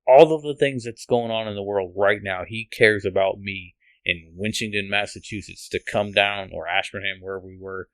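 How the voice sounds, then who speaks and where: A man's voice: on the low side, steady tone, normal speed, few pauses, fairly bright tone, dry recording. Earnest man telling a rambling testimony. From United States. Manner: earnest, rambling, restarts and laughs. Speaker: podcast guest. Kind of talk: emotional testimony.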